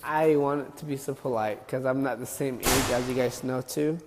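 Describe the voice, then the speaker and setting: Man, YouTube comedian, soft and rambling on a live stream, reverberant sound. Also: mid-range voice, steady tone, moderate pace, background noise. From Eritrea. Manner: soft-spoken, rambling, reading viewer comments. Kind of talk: casual live-stream chat.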